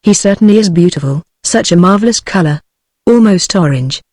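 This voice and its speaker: Vain young baronet in a novel, synthetic British woman reading him, flat dialogue, dry close sound. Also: lowish voice, brisk, no echo. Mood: polite. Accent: British English.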